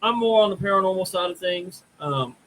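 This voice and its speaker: Hesitant host, higher male voice. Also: animated, fairly quick, a bit bright, poor audio. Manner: hesitant, many fillers. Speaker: podcast host. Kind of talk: casual live-stream chat.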